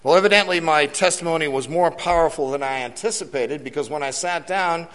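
A man's voice: a little high, a little fast, fairly bright tone. A man, a church elder, giving an earnest sermon testimony to a congregation, repeating key lines and putting questions to the crowd. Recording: long reverb of a church hall.

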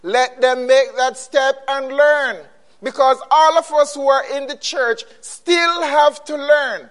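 A man's voice: extremely high pitch, slow, a bit bright. A man preaching a sermon, emphatic and repeating his key phrases.

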